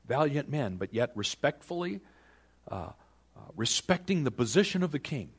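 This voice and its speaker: A man preaching a sermon, retelling a scripture story with animated storytelling and questions put to the listeners. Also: mid-range voice, moderate pace, slightly rough. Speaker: pastor.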